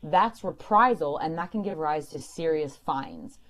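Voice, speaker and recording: Lower-voiced woman giving legal advice. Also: animated, a little slow. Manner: clear, emphatic explaining. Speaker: employment lawyer, radio show host. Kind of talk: radio call-in advice.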